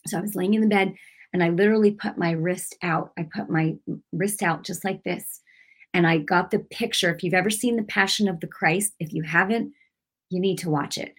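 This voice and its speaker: A woman's voice: lowish voice, a little fast. Emphatic woman giving a testimony. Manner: emphatic, swings from hushed to loud; casual with many fillers like "like". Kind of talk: personal testimony to a congregation.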